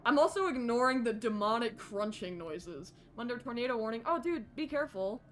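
A woman's voice: a little high, expressive, a little fast. A young woman streaming a horror game live, jittery and self-deprecating, chatting with her viewers. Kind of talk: casual live gameplay commentary.

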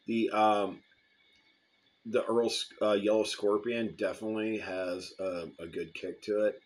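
A man's voice: on the low side, unhurried. A man casually reviewing hot sauce, rambling between bites and sips. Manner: relaxed, rambling, eating and sipping while talking.

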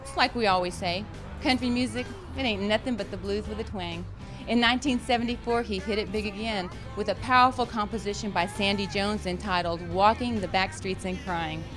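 A woman's voice: mid-range voice, a little fast. Woman host narrating over blues music. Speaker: show host narrating an artist biography. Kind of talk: scripted narration. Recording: voice-over with clear music bed.

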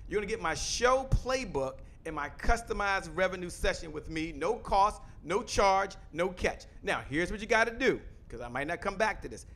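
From a home studio with a photo wall backdrop, a man hosts an online show, giving an energetic sales pitch to the camera. He talks loudly and fast, emphatic throughout, repeating phrases for emphasis.

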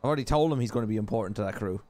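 A man with an Irish accent, a streamer playing a crew leader in game role-play, calm and reasoning. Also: fairly low pitch, rapid-fire. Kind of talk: GTA role-play voice chat.

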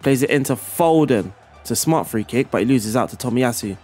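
A man casually explaining football video game tactics and commentating on replays in an excitable, chatty way, laughing at himself. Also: mid-range voice, fairly quick, breathy edge, faint music behind. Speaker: gaming YouTuber.

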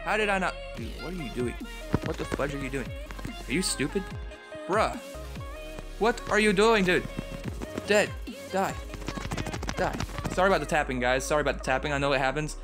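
A young man giving excitable commentary over a game he is playing, trash-talking opponents. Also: on the high side, a little fast, long pauses, over music. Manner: excitable, yelps and trash-talks. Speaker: gaming YouTuber.

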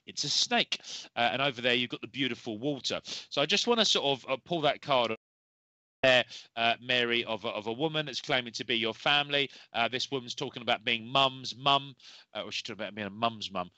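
A man's voice: medium pitch, brisk, sharp tone, no echo, low-quality recording. A man hosting a live show of psychic readings, talking in a rambling, reassuring way with many fillers, tired after a long day. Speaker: medium and show host.

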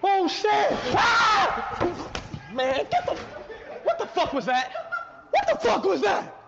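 A young man live-streaming through a haunted house, loud and panicky, swearing and yelling as he goes. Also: extremely high pitch, wildly swooping pitch, moderate pace, vocal fry, over a noisy crowd. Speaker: livestreamer. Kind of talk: frantic live-stream reactions. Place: indoor haunted house attraction. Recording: dull lo-fi stream audio, noisy.

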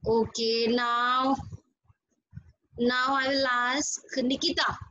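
A woman's voice: a little high, flat delivery, slow, sharp tone, dull audio. A woman with an Indian English accent teaching a class over a video call, patiently calling on students by name and praising them. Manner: patient, repeats names and questions, praises students. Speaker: school teacher.

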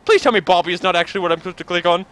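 A man's voice: high-pitched, rapid-fire, fairly bright tone. A man rambling sarcastically and joking while commenting on his gameplay. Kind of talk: let's play commentary.

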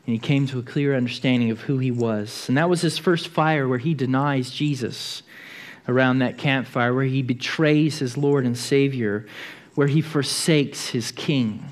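A man's voice: medium pitch, normal speed. A man preaching a sermon in a church, telling the story vividly and often repeating words as he goes.

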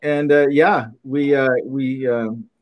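An older man from Minnesota, a podcast guest, talking in a halting way with many fillers and soft laughs. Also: medium pitch, steady tone, lo-fi sound. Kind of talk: casual interview chat.

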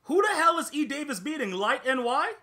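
Gaming host, male, very high bright voice, excitable slangy trash-talk commentary. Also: fairly quick. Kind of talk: ranting live gameplay commentary.

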